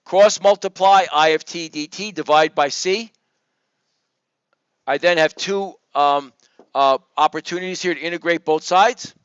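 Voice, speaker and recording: A man teaching a circuits review session, talking loudly, joking with students and coaxing them by name. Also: on the high side, measured pace, smooth, dry recording. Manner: loud, projects voice to the room. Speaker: engineering professor. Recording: dull lo-fi, dry sound.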